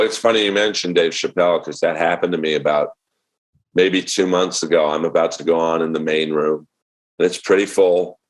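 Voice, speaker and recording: A middle-aged man with an extremely low, deep voice tells comedy stories on a podcast. He talks casually and acts out the other people's lines with lively energy. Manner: animated storyteller acting out quotes. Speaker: comedian guest.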